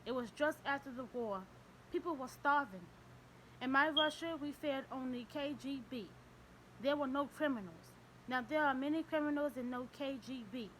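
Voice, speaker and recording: A woman's voice: high-pitched, moderate pace, a bit bright, a little hiss or hum, poor audio. A woman reading the part of a stern, elderly male Russian priest who speaks tersely and formally in an audiobook. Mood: bitter. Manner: terse, formal, ignores questions.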